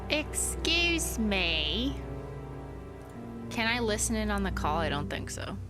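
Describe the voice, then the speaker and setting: A woman's voice: mid-range voice, expressive, brisk, over music. A woman streaming a game and chatting casually as she reacts to it.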